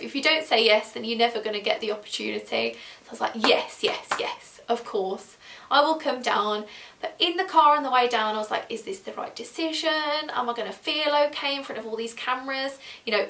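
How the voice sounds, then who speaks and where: Young woman, high-pitched, chatty vlog, roomy echo. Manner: chatty, bubbly, animated quoting of herself. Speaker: vlogger. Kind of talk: casual chat to camera. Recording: roomy echo, a bit distant from mic.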